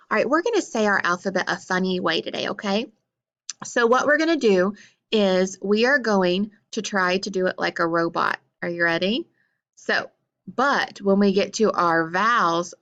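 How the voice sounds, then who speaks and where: A woman teacher giving a phonics lesson to young children, encouraging them with questions and praise and drawing out words slowly. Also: medium pitch, fairly bright tone, highs cut off. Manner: draws out words slowly for syllable clapping.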